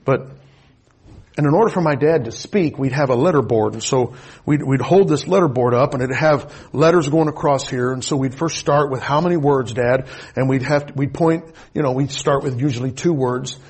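A middle-aged man preaching a sermon, telling a personal story with deep emotion, swinging between loud and hushed. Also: moderate pace, slightly rough.

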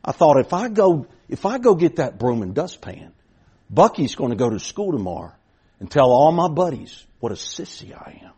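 A middle-aged preacher tells a folksy story from the pulpit. His husky voice sits a bit high and swings widely in pitch. He circles back with repeated starts, then pushes hard on his points. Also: big pitch swings, moderate pace, a little mellow. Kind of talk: sermon storytelling.

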